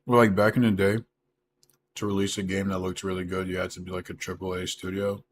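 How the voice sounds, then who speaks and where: A man's voice: low voice, flat delivery, fairly quick, background noise. A male streamer chatting casually in a rambling, filler-heavy way while eating. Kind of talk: casual live-stream chat.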